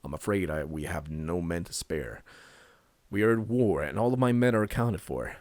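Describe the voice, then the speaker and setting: A man's voice: low voice, darkish tone, dry recording, studio quality, pitched below the performer's own voice. A man voicing a stern young lord at war, speaking formally and firmly. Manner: formal, measured refusal.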